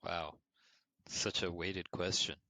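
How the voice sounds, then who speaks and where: A man's voice: low voice, flat delivery, slow, bright, forceful tone, no room sound. A man co-hosting a podcast in casual chat, answering with dry, skeptical teasing. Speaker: podcast co-host.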